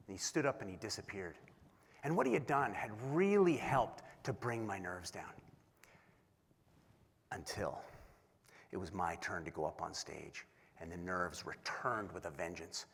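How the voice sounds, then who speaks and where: A man giving a keynote speech, telling an animated, self-deprecating story and acting out the voices in it. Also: low voice, a little slow, creaky, pauses often, husky. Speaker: keynote speaker. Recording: long hall reverb.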